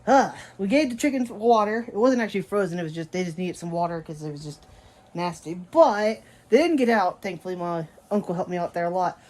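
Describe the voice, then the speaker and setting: With a lowish, darkish voice and a slightly fast pace, a daily vlogger chats casually while walking outside in a snowstorm. She laughs often and talks to her pets.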